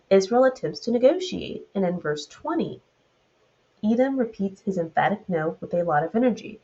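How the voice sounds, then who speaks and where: A woman's voice: medium pitch, a little mellow, lo-fi sound. A woman with a Southern US accent teaching a Bible study, retelling the verses and then adding loose commentary of her own.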